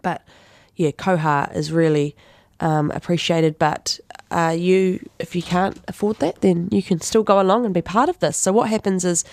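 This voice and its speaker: A woman with a New Zealand accent hosts a community radio show from a studio, chatting casually about local events with lots of fillers and self-corrections. Her voice is on the low side, with fairly even intonation and a normal speed, and there's no echo.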